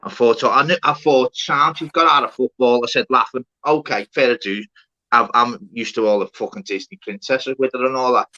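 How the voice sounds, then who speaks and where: Bright-voiced man telling stories. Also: medium pitch, brisk, dull audio. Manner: animated storytelling with swearing. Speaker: live stream host. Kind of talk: casual chat.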